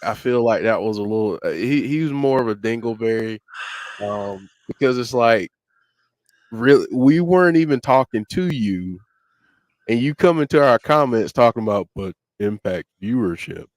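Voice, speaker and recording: A man's voice: mid-range voice, animated, normal speed, a little mellow, dry recording. A man co-hosting a wrestling talk show, ranting and getting fired up in casual chat. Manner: ranting, gets fired up, self-interrupting. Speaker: podcast co-host.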